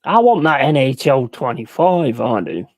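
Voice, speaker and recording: A man's mid-range voice swings widely in pitch as he rants and curses while hosting a football watch-along stream. He talks at normal speed in a casual live-stream manner, alternating between loud bursts and muttered asides, with no echo.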